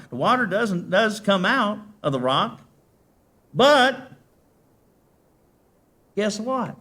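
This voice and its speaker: High-voiced preacher asking rhetorical questions. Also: male voice. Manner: asks the congregation rhetorical questions, swinging from loud to very soft. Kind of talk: sermon.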